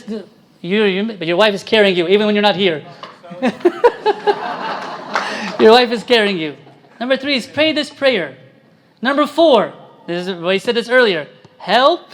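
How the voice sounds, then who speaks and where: High-voiced priest quizzing his congregation. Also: fairly bright tone. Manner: interactive, quizzing the congregation, emphatic. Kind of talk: sermon.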